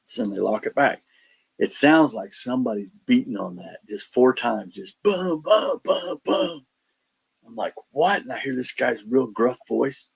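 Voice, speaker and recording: A man telling his paranormal investigation stories in casual chat, animated and acting out the quotes. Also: mid-range voice, normal speed, vocal fry, slightly rough, poor audio. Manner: animated storyteller, acts out quotes, laughs between lines. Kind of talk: casual storytelling on a podcast.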